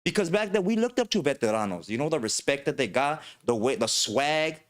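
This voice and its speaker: A man's voice: a little high, big pitch swings, a little fast. Slangy man telling stories. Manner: slangy, rambling storyteller. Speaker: podcast host. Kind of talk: casual podcast storytelling.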